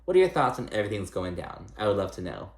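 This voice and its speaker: A man's voice: on the low side, sing-song, rapid-fire. A man giving a casual, gossipy recap of a reality show, chatty and salty, with lots of "like" and "um". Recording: echoey room.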